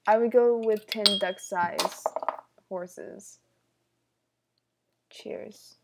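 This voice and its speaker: Amid heavy background noise, a young woman with a mid-range voice speaks slowly while hosting a relaxed livestream Q&A. Her manner is jokey and playful, with occasional whispered asides.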